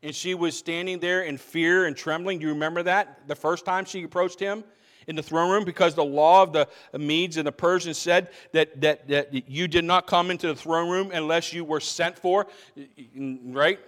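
A man whose voice sits on the high side preaches as pastor in a church sanctuary, steady in tone, moderately paced and fairly bright. He talks conversationally, restarts phrases, and asks the congregation questions, with long hall reverb throughout.

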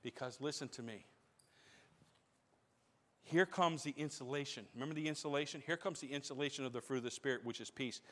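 A man preaching a sermon as pastor, repeating phrases for emphasis and building in intensity. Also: mid-range voice. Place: church sanctuary. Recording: long hall reverb.

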